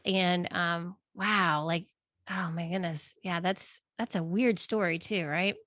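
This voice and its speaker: A woman's voice: fairly low pitch, steady tone, slow pace, fairly bright tone, no echo. A woman hosting a podcast, chatting casually and reacting eagerly to her guest. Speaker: podcast host. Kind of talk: casual chat.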